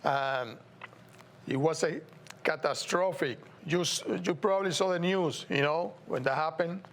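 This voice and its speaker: A man with a Puerto Rican accent hosts his show in English, his second language after Spanish. He talks slowly, stopping often with fillers and restarts. His voice sits slightly high for a man. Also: fairly bright tone, a little hiss or hum. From Puerto Rico. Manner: halting, many fillers and restarts. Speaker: show host. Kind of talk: unscripted commentary to camera.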